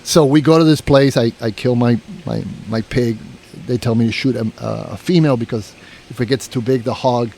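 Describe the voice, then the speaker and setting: A man's voice: medium pitch, steady tone, moderate pace, vocal fry, warm tone, slight background noise. A man telling a long story in a casual podcast chat, rambling, swearing and restarting his sentences. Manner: rambling, profane, full of "you know" and restarts.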